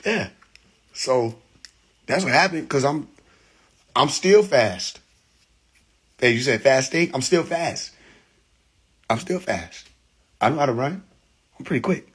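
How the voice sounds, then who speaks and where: A man's voice: mid-range voice, lively intonation, slow pace, pauses often, fairly bright tone, slightly rough. A man hosting a live social media stream from his phone, telling a story in loose slang with frequent laughter. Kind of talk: casual live stream monologue.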